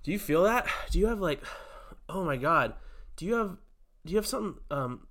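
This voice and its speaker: A man's voice: on the high side, big pitch swings, fairly quick, a bit bright. A man co-hosting a comedy podcast, casual and goofy, launching into mock-theatrical rants. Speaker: podcast co-host.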